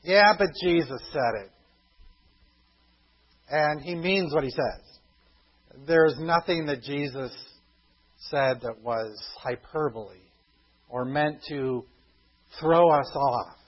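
A man preaching a sermon, emphatic, slowing down for scripture quotes and dropping low for quiet asides. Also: slightly rough, highs cut off. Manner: emphatic, slows for quotations, drops to quiet asides. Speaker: pastor.

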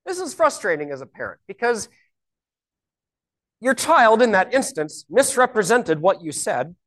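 A woman's voice: medium pitch, sing-song, moderate pace. A woman teaching a Bible lesson, explaining scripture step by step and asking rhetorical questions.

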